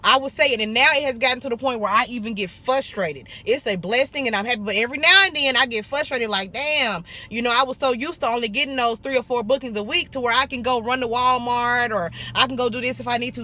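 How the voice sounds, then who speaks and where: This is a young woman from Arkansas with a bright, forward tone. She talks straight to her viewers in a sassy, blunt way, swearing casually and calling them baby and honey. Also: fairly high pitch. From Arkansas, USA. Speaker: esthetician vlogger. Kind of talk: casual business advice vlog.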